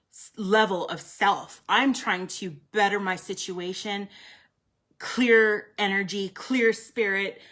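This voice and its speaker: A woman's voice: medium pitch, fairly bright tone. Blunt, foul-mouthed woman reading tarot live. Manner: blunt, profane, emphatic; chatty, addresses viewers by name. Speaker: tarot card reader.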